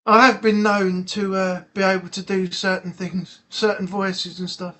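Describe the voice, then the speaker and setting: A man's voice: high voice, flat delivery, unhurried, pushed and bright. A man hosting a casual live-stream chat, frank and chatty, swearing freely.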